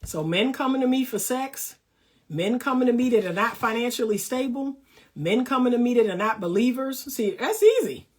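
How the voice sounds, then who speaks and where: A woman's voice: on the high side, lively intonation, normal speed, a little mellow, breathy edge. A woman in her fifties, a dating coach and counselor, talking to camera from her home studio in an emphatic, sassy way with frequent laughs. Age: 50s. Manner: emphatic and sassy, laughs often, acts out quoted people. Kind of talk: casual to-camera advice monologue.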